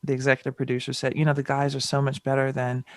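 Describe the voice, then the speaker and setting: A middle-aged Southern American woman with a bass voice talks fast on a dry recording. As a podcast guest she tells candid stories, animatedly acting out past exchanges with rising exclamations.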